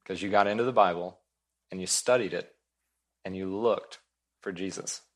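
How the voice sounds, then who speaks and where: A male pastor delivers a sermon in a low, deep voice. He speaks earnestly and with emphasis. He repeats his main points for weight. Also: normal speed.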